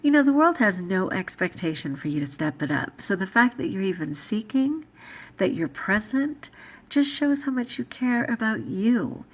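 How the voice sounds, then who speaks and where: A woman vlogger and teacher, thinking aloud in a soft-spoken, musing way and sometimes dropping to a whisper. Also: mid-range voice. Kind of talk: reflective casual vlog talk.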